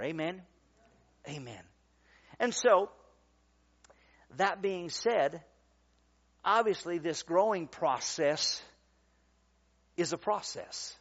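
A man preaching a sermon, emphatic, rising loud and dropping quiet, calling out for amens. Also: sits high, lively intonation, takes it slowly, long pauses, muffled recording. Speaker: pastor.

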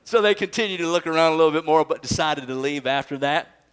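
A man's voice: a little high, quick pace, fairly bright tone, smooth. A man preaching a sermon in a conversational, joking way, often laughing and asking rhetorical questions.

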